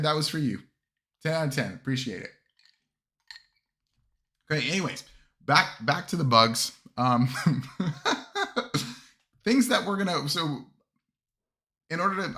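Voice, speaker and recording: A man hosts a casual livestream with a bright, forward tone. He rambles through fillers and restarts and chuckles often. He sounds close to his desk mic. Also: fairly high pitch. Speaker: streamer reviewing army lists.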